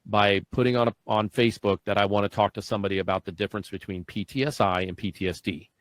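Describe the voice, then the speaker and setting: A man's voice: fairly low pitch, fast, no room sound. A man, likely in his forties, a podcast host and first responder, telling stories in casual chat and acting out the dialogue. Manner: animated storyteller acting out quoted dialogue.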